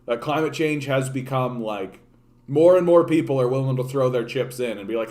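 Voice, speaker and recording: A man's voice: mid-range voice, normal speed. A man from Canada hosting a political livestream, ranting casually with profanity and many restarts. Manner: profane, animated, repeats and restarts words.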